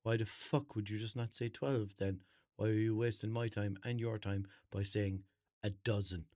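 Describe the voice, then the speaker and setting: A man's voice: lowish voice, steady tone, moderate pace, darkish tone, no echo, clean studio sound. A young Irish man hosting a comedy podcast, rambling through an unscripted bit in a jokey, mock-serious way. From Ireland. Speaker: podcast host.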